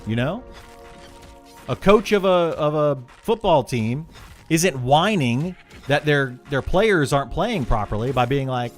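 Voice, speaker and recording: A male streamer talking straight to his chat in a very animated, up-and-down voice, frank and opinionated. He stumbles and restarts his sentences as he gets worked up, with soft music playing under him. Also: on the high side, a little slow. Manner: frank and opinionated, reads chat aloud then answers; restarts and stammers when heated. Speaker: game streamer.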